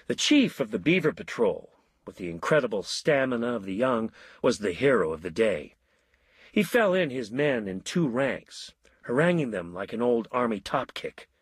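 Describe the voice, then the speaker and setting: A man narrating a story in a wry, measured way. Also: medium pitch, slightly rough, no echo. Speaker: audiobook narrator. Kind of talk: scripted narration.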